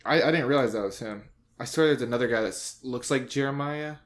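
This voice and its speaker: A young man co-hosting a casual music podcast, firing off quick questions and laughing easily. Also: medium pitch. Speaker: podcast co-host.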